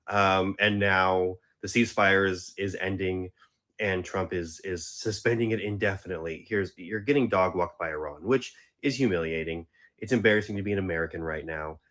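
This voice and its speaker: A man venting casually about the news, exasperated, acting out both sides in quick asides. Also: low voice, fairly bright tone. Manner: exasperated, acts out quotes. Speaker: online commentator. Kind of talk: casual chat.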